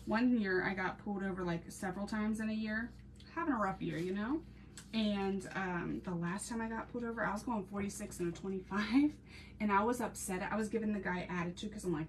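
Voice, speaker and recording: A woman from Ohio hosting a casual live crafting stream, chatty and laughing often as she talks to her viewers. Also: medium pitch. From Ohio, USA. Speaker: crafting channel host. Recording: slightly distant mic with faint background noise.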